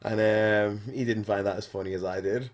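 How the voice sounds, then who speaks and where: A man, talking casually and bluntly as a podcast host, swearing often and filling pauses with "like". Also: fairly low pitch, fairly even intonation. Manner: blunt and sweary, frequent fillers. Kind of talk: casual monologue.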